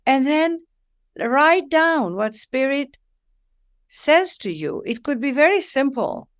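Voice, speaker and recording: A woman talks as a guest author on a spiritual show. Her voice sits slightly high, and she stretches key words for emphasis. She often stops to act out small quoted conversations. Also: slow. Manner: expressive, lingers on key words, acts out little dialogues. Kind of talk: warm spiritual interview talk.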